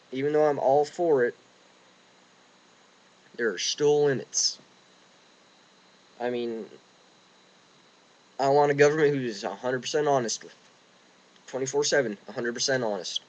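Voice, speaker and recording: A man's voice: mid-range voice, measured pace, pauses often, darkish tone, rough recording. A young man ranting casually and indignantly, rambling with restarts, recorded outdoors in the wind. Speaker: vlogger. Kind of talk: casual rant.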